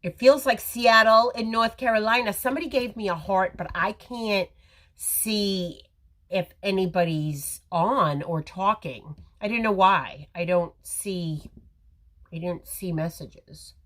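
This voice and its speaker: Talking to her viewers in a rambling, chatty way, a makeup livestream host runs a casual live tutorial. Her voice is lively and mid-range. She's recorded on a phone camera at home or in a salon lit by a ring light.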